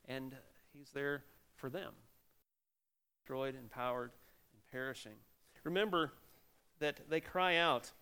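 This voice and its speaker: A middle-aged man, a pastor, giving a sermon in an animated preaching manner with sudden loud exclamations. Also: on the high side, normal speed, smooth.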